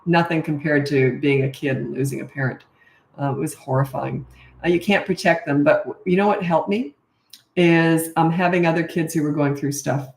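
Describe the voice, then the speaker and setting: A middle-aged woman from Canada, a parenting coach answering viewer questions in a blunt, matter-of-fact casual chat. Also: low voice. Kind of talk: casual livestream Q&A. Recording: echoey room.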